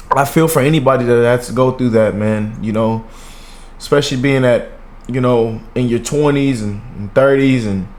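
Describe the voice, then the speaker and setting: A man in his thirties hosting a reaction video, rambling and heartfelt, calling viewers y'all and man. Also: mid-range voice. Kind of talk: casual reaction commentary.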